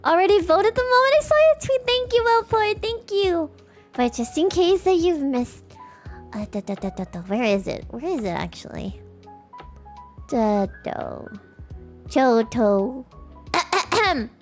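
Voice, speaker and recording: Giggly high-voiced young woman streamer. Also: measured pace, faint music behind. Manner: animated, giggly, acts out polite strangers and sings snatches of songs. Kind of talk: casual chat with livestream viewers.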